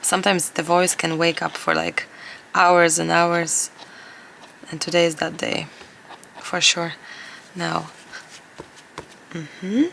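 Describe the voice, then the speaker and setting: A woman collage artist chatting casually to camera while she crafts, her voice hoarse and gravelly, talking in a rambling way with frequent laughs. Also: lowish voice, little pitch movement, slow pace, long pauses, fairly bright tone, slight background noise.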